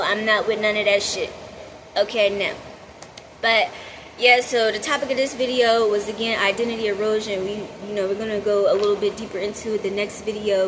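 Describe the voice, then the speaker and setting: A woman's voice: medium pitch, noisy background. A woman vlogger delivering a heated, profane monologue straight to her viewers, hammering her points with repetition and emphasis.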